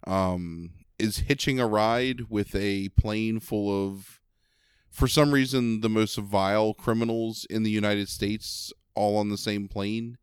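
Man, slightly nasal, sarcastic rambling, lowish voice, clear and smooth, dry close sound. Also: steady tone, slow pace, no echo. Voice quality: a little nasal. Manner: rambling, sarcastic, many ums and likes. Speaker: podcast co-host reviewing a movie. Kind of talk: casual chat.

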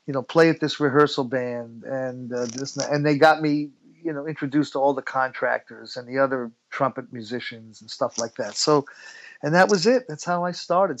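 In a laid-back storytelling interview, a middle-aged musician from the United States chats as the guest, laughing frequently. His voice is a little high, and the audio is dull.

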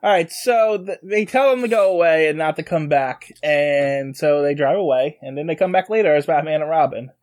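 A man talks casually as a podcast co-host, walking through a story with frequent stops and restarts. His voice sits a little on the high side. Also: a little mellow. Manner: recaps the plot haltingly with restarts. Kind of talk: casual chat.

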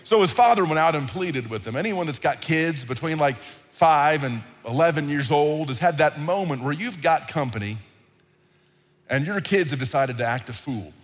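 Pastor preaching in a big hall. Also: male voice, on the high side, moderate pace. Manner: animated, conversational preaching with repetitions. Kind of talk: sermon. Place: large hall, church service. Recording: reverberant hall with faint music.

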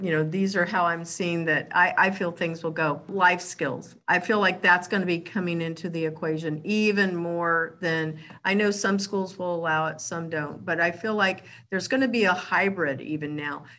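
A woman with a slightly low voice hosts a podcast conversation. She shares her views casually, thinking aloud as she goes. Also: moderate pace, few pauses, a bit bright. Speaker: podcast host. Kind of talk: podcast discussion.

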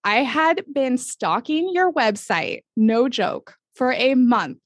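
A woman hosting a podcast interview, gushing and enthusiastic, talking in quick bursts with frequent laughs. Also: fairly high pitch, sing-song, no room sound, studio quality. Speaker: podcast host. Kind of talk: upbeat casual interview.

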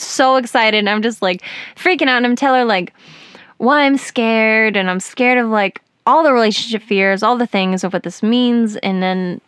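A woman hosting a podcast, telling a personal story in casual chat, animated and giggly with lots of fillers. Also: on the high side, normal speed, clear, resonant tone, no room sound, clean studio sound. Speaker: podcast host.

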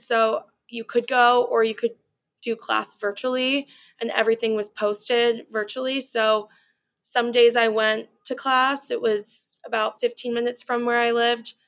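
A young woman in her twenties, a study-abroad student guest, answers interview questions in a chatty, casual way, often saying "you know" and "like." Her voice is fairly high and fairly bright, with a level tone and unhurried pace.

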